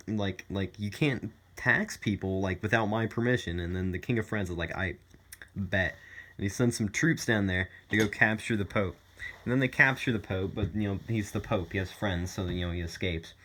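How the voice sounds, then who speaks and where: Low-voiced guy rambling through a summary. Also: fairly quick, a bit bright. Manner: rambling, irreverent, many fillers. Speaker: student. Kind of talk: casual spoken summary.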